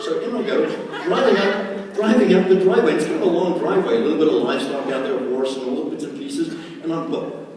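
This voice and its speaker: Motivational speaker, male, slightly high voice, lively storyteller; distant mic in a big echoing hall with clear room noise. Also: fast talker. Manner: energetic, acts out quoted voices, laughs often. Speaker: speaker at a sales meeting. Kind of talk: motivational stage talk with anecdotes. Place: large meeting hall. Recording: echoey hall mic from far off, noisy.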